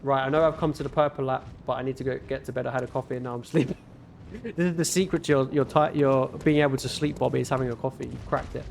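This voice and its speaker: A man with a northern English accent talks to his viewers during a gaming livestream, loose and rambling, thanking people as he goes. His voice has a gravelly rasp at its base, and a faint hum of room noise sits behind him. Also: mid-range voice, fairly even intonation, quick pace, a little mellow. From northern England. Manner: laid-back, rambling, thanks viewers often. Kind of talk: casual chat reading viewer messages while gaming.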